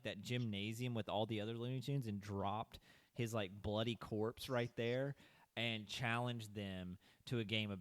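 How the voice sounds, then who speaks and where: A man's voice: mid-range voice, dry recording. A young man hosting a podcast in casual movie-review chat, retelling the plot at length with loose asides and casual swearing. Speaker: podcast host.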